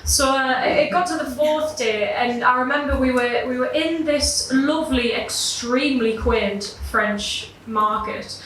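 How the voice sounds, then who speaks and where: A woman's voice: high voice, measured pace, few pauses, a bit bright, slight background noise. A young woman telling a personal story live at a gig, self-deprecating and swearing casually, laughing through her lines. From Britain. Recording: echoey room, voice from far off.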